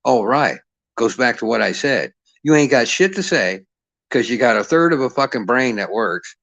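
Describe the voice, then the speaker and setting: A man's voice: medium pitch, animated, normal speed, creaky, a bit bright, no room sound. A middle-aged man ranting about boxing in a cantankerous, foul-mouthed, mocking way. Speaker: boxing commentator. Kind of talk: profane ranting commentary.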